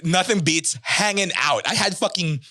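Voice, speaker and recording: A man's voice: sits high, lively intonation, normal speed, bright, forceful tone, dry recording, studio quality. A man co-hosting a podcast in casual chat, joking and laughing a lot. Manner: laughs a lot, jokey interjections. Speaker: podcast co-host.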